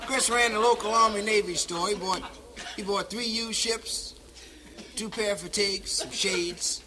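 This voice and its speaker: A man's voice: high voice, steady tone, a little slow. A man telling a comic story in a playful, punchy stand-up delivery. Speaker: stand-up comedian. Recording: crackly 1960s vinyl record.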